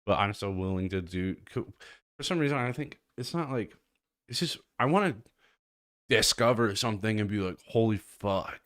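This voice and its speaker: A man's voice: lowish voice, expressive, moderate pace, a bit bright, no echo, studio quality. A man co-hosting a casual podcast, laughing often and talking in loose run-on thoughts. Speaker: podcast co-host. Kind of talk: casual chat.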